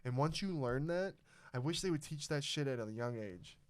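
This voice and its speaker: A man's voice: mid-range voice, moderate pace. A young man hosting a podcast, telling a story in a casual, profane way and acting out the people in it. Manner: profane, animated storyteller who acts out quotes. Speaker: podcast host.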